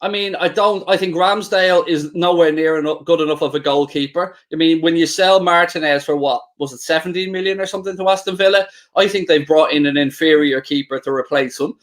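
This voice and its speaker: Chatty bantering football stream host. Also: male voice, a little high, fairly even intonation, brisk, few pauses. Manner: chatty, bantering, reads out viewer comments. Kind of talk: live stream football chat.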